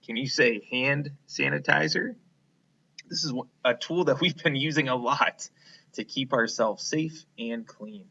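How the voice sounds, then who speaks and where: A man's voice: medium pitch, lively intonation, unhurried, vocal fry, sharp tone, lo-fi sound. A man teaching a phonics lesson to young children, patient and encouraging, asking them to repeat words after him. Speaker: kindergarten teacher.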